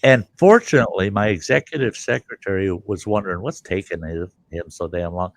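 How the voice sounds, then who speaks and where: Gravelly low-voiced man spinning a folksy yarn. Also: brisk, dry recording. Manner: rambling, colorful anecdotes with acted-out quotes. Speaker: livestream host. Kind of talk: folksy storytelling chat.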